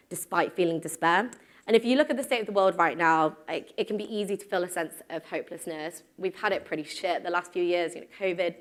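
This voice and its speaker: A woman in her thirties giving a live conference talk to an audience, casual and self-deprecating, with frequent ums. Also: lowish voice. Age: 30s. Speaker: conference speaker. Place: stage before a live audience.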